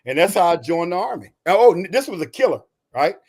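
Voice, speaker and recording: A man in his sixties from Texas, a retired Army veteran, telling his story in a podcast interview in an animated, folksy way. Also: high-pitched, fairly quick, breathy edge. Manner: animated, folksy, says "you know" and "right?" often.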